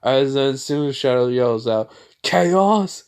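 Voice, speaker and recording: A man's voice: mid-range voice, fairly even intonation, normal speed, darkish tone, clear, resonant tone. A man casually retelling a fan story in a rambling way, full of filler words.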